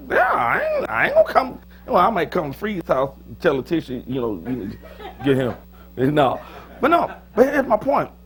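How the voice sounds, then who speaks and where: A pastor preaching a sermon in a joking, lively manner, with sudden loud, high bursts. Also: male voice, normal speed. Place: church.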